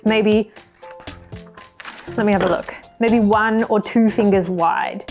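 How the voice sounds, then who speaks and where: A woman teaching a puppet-making workshop for children, cheerful and encouraging. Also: medium pitch. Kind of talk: children's craft tutorial.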